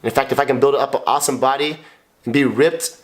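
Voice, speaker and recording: With a medium pitch and a quick pace, a man in his thirties co-hosts a couple's podcast as the husband, talking bluntly and emotionally in a raw, confessional style, cursing often and repeating himself.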